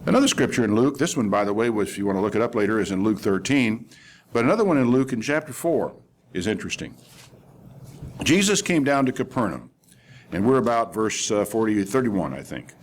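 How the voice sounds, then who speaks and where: A man's voice: on the low side, big pitch swings, brisk. An older man preaching a sermon, telling a scripture story in a conversational way and acting out the quoted voices with animation.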